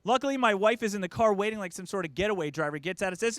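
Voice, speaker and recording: This is a very fast, high-sitting male voice on a dry recording. A middle-aged man from the US does a stand-up set, animatedly impersonating relatives in quoted voices.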